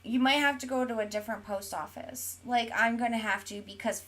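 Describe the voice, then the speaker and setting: A woman's voice: fairly high pitch, steady tone, fairly quick, a bit bright. Chatty woman co-hosting a podcast. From Oklahoma, USA. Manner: chatty, reads viewer comments aloud, many fillers. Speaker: podcast co-host. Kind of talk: casual chat while streaming.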